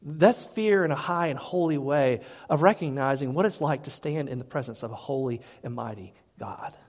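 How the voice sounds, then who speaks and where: A man preaching a sermon as pastor, his voice rising to loud, fervent peaks and then dropping to quiet asides, often repeating words as he restarts. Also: mid-range voice, normal speed. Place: church sanctuary. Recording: hall reverb.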